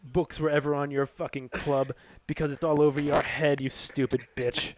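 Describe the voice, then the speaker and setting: A man's voice: on the high side, level tone, normal speed, no room sound, natural voice, rough recording. A man voicing a gloomy poet turned wrestler, taunting and laughing through improvised trash talk. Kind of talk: improvised comedy role-play.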